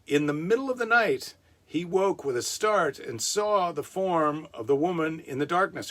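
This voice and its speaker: A man's voice: fairly high pitch, animated, moderate pace, a bit bright. A man hosting a casual comic monologue, retelling a story with rambling wisecracking asides. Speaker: comedian host.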